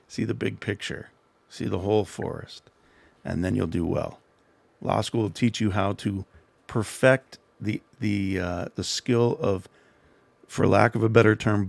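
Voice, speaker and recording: A man's voice: on the low side, vocal fry, no room sound. A middle-aged man hosting a livestream, telling a rambling, self-deprecating story and giving casual advice. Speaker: livestream host.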